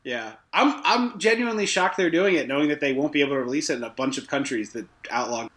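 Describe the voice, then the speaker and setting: A man co-hosting a casual film podcast, talking in an animated, jokey way and readily conceding points. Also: a little high, quick pace. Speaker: podcast co-host.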